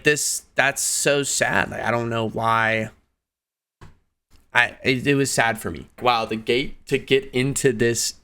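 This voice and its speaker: Man, twenties, casual vlog storytelling, animated, laughing, sudden high pitch jumps. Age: 20s. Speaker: video creator.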